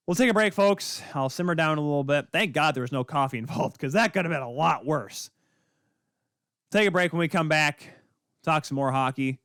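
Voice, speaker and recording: A man hosting a podcast, delivering a heated, sarcastic rant with sudden loud spikes and quick muttered asides. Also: on the high side, lively intonation, no echo, clean studio sound. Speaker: podcast host. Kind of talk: ranting hockey commentary.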